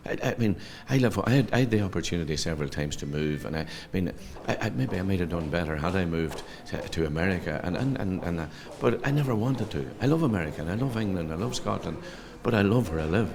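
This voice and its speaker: A man's voice: sits low, lively intonation, fast, gravelly, few pauses. A middle-aged man from Ireland with a Donegal Irish accent, chatting as a comedian guest in an interview, spinning anecdotes and stumbling over repeated words. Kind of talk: casual interview chat.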